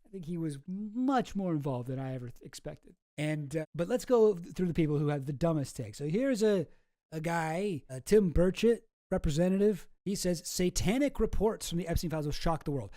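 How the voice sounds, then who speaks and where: Male streamer host, fairly high mellow voice, sarcastic and rambling, dry close sound. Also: expressive, a little fast, no room sound. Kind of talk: casual livestream commentary.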